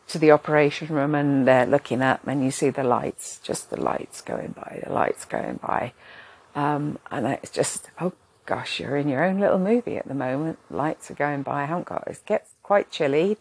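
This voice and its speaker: A woman's voice: low voice, a little mellow, slightly rough. An older woman telling a rambling, chatty story about her own day, often poking fun at herself. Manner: chatty, rambling, self-deprecating. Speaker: vlogger. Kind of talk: casual storytelling.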